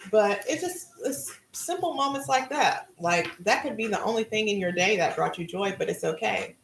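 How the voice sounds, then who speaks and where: Middle-aged woman, gravelly voice, casual spiritual talk, card-reading host, echoey room. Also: mid-range voice, moderate pace, a little hiss or hum. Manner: relaxed, musing, conversational.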